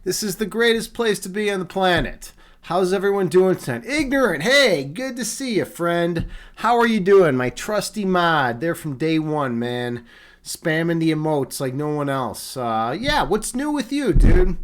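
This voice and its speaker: High-voiced rambling streamer man from Chicago. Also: lively intonation, measured pace. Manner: rambling, repeats words, frequent fillers. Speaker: streamer host. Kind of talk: casual live-stream chat.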